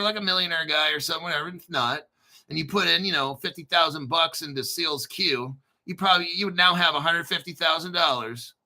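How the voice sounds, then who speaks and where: A man hosting a casual crypto show, rambling, clearing his throat often and swearing offhandedly. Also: on the high side, sharp tone. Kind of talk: casual commentary to camera.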